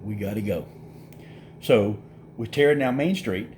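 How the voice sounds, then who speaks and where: A man's voice: lowish voice, unhurried, a little hiss or hum. A middle-aged man, casually telling a story and acting out the voices of the people in it. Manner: animated storyteller, acts out quoted voices, laughs through it. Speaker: vlogger.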